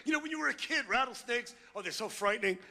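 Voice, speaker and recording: A man in his sixties doing a loud, ranting, insulting stand-up comedy routine on a club stage. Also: very high voice, animated, quick pace.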